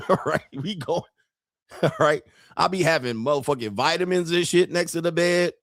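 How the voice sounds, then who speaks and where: A man hosting a commentary channel, telling jokey stories in a loud, profane, animated way. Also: a little high, moderate pace, no echo, studio quality. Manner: profane, joking, animated storytelling. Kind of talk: casual commentary.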